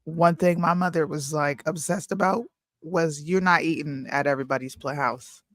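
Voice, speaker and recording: A woman co-hosting a live talk show, talking in a slangy, animated, opinionated way. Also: low-pitched, normal speed, dry recording. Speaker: co-host. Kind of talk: casual chat.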